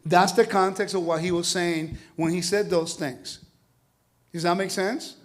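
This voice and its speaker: A man teaching a congregation, lively and animated, often asking his listeners questions. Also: high-pitched, a little slow. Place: congregation hall.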